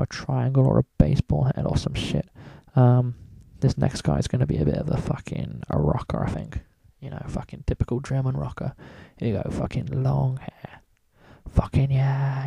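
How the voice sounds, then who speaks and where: A man with a creaky, mellow, slightly rough mid-range voice rambles casually through a screen-recorded drawing tutorial, swearing in almost every sentence. The recording is dry.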